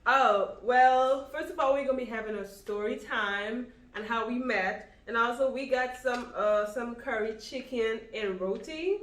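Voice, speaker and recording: A woman's voice: fairly high pitch, measured pace, few pauses, a bit bright, slight background noise. Chatty young Guyanese woman. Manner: laughs often, chatty. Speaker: vlog co-host. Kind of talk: casual mukbang chat. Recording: echoey room.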